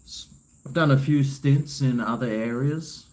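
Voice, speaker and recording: A man's voice: medium pitch, measured pace, a little mellow. Man, Australian accent, middle-aged, livestream host, casual rambling chat, says mate. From Queensland, Australia.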